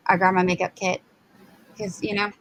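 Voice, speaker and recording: A woman's voice: medium pitch, little pitch movement, moderate pace, fairly bright tone, slight background noise, rough recording. A woman, telling a personal story in casual chat and acting out quotes. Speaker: live show co-host.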